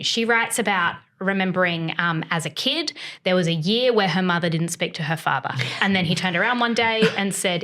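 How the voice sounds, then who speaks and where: A woman co-hosting a chat podcast, briskly presenting a topic and putting questions to the others. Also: mid-range voice, a bit bright. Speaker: podcast co-host. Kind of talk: casual chat, introducing topics.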